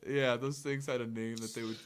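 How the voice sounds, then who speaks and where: A man's voice: mid-range voice, fairly even intonation, a little fast. A man joking crudely and teasing his friends in a casual podcast chat, laughing often.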